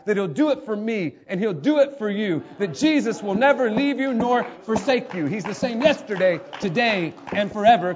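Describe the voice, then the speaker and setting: A man preaching a sermon, dramatic, acting out voices and swinging between loud calls and hushed lines. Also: sits high. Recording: dull lo-fi sound.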